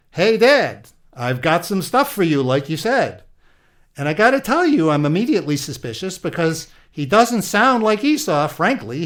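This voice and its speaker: Playing the interviewee Isaac, an aggrieved old patriarch, a man uses a slightly high, fairly bright voice and a Yiddish-inflected English accent. He tells his story in a comedic improvised interview, peppered with old-world exclamations.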